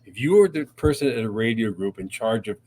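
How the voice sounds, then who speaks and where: A man's voice: fairly low pitch, animated, a little fast, darkish tone. An older man co-hosting a casual radio podcast, rambling through anecdotes and swearing freely. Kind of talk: casual storytelling chat.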